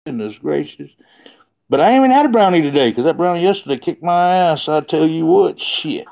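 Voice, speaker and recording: A man's voice: on the high side, animated, brisk, creaky, darkish tone. A man hosting a casual livestream from his phone, rambling and chatty and laughing often. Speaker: livestream host.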